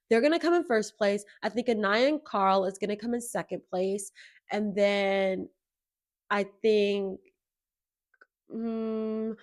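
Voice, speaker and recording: A young woman hosting her own podcast, talking casually in gossipy, animated rants. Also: mid-range voice. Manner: animated, gossipy, quick rants with mimicked voices. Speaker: podcast host. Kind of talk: casual solo chat.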